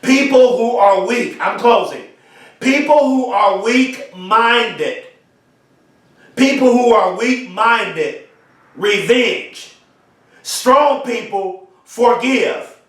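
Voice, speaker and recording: A man giving an emphatic motivational speech, repeating slogans and often shouting them. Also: extremely high pitch, lively intonation, extremely slow. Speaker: motivational speaker. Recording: very echoey, from far off the mic.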